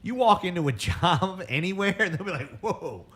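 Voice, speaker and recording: Man, co-host, bright tone, lively pitch, profane banter. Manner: quick reactions, profane interjections. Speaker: podcast co-host. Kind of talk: casual chat.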